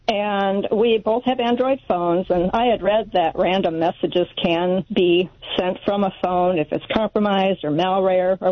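A woman calling in to a radio show, polite and hesitant, with frequent fillers as she explains her question. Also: mid-range voice. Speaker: radio caller. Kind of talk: phone-in question. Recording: dull phone-in audio.

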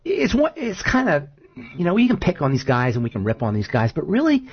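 A man hosting a talk radio show, chatting casually and telling stories in an animated, argumentative way. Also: high voice, a little fast, husky, highs cut off. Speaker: show host.

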